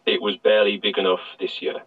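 A man on a casual podcast panel, rambling and halting but opinionated. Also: on the low side, flat delivery, dry recording. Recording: dull, dry lo-fi mic.

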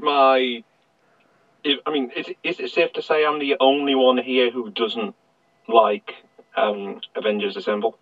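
A man on a casual podcast panel, rambling and halting but opinionated. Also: mid-range voice, fairly even intonation, no room sound. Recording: dull, dry lo-fi mic.

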